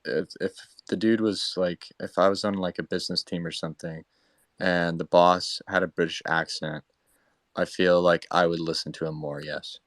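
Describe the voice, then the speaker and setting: Very deep-voiced hesitant man. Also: steady tone, normal speed, fairly bright tone, no echo, studio quality. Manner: hesitant, trailing off, many fillers. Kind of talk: casual chat.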